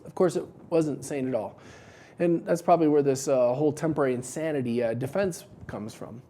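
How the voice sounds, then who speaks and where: A man coaching dental practice owners in a casual, joking advice talk, telling animated stories to make his point. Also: fairly high pitch, fairly quick. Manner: wry, joking, animated storytelling.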